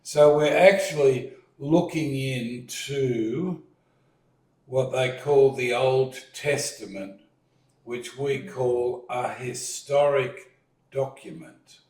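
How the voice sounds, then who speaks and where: A man leading a relaxed dining-table discussion, slowly retelling a story and acting out what people said. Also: mid-range voice, distant mic. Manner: slow storytelling, retells scenes with acted lines. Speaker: discussion leader. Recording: echoey room, voice set back from the mic.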